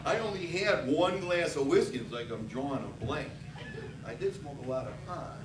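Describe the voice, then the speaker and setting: A man's voice: on the high side, expressive, normal speed. A man doing a stand-up routine on a bar stage, telling crude, profane stories. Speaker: stand-up comedian. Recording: roomy, distant, loud bar noise.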